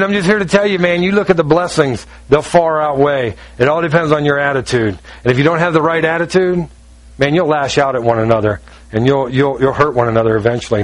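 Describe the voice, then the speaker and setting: The audio is poor as a folksy, middle-aged pastor preaches, his voice strikingly high for a man. He trades jokes with the congregation and acts out little bits of dialogue along the way.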